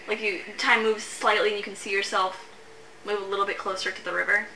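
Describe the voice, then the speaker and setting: A woman's voice: medium pitch, flat delivery, a little fast, vocal fry. A woman running a tabletop game as game master, narrating casually with lots of filler words. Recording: roomy echo, faint hiss.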